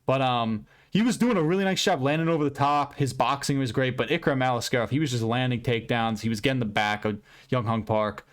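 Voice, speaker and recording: Man, fight recap vlog, blunt, profane, rambling, excitable, medium pitch. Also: a little fast. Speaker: MMA commentator recapping fights.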